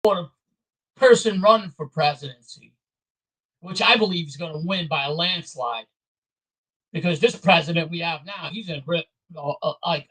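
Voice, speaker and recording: A man's voice: fairly high pitch, normal speed, sharp tone, slightly rough, low-quality recording. A man ranting angrily on his own video, blunt and repetitive. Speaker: vlogger. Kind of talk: angry political rant to camera.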